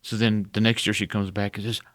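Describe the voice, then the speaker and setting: A man who works as a haunted house actor, a podcast guest telling quick, rambling stories in casual chat. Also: on the low side, flat delivery, a bit bright, no room sound, studio quality.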